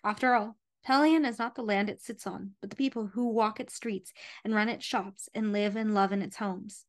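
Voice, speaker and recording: A woman's voice: medium pitch, fairly even intonation, moderate pace, natural voice. A woman reading aloud the lines of a shy young man addressing a town crowd. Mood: earnest.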